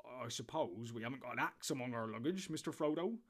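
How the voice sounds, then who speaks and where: A man's voice: mid-range voice, expressive, a little fast, a bit bright. A man voicing a loyal, plain-spoken male hobbit servant with a rustic, blunt manner. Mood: determined.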